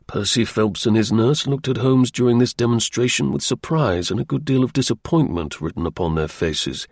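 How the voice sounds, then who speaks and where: A man reading a classic novel aloud as narrator, in an even storytelling manner. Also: mid-range voice, moderate pace, few pauses, breathy edge, no room sound, studio quality. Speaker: audiobook narrator.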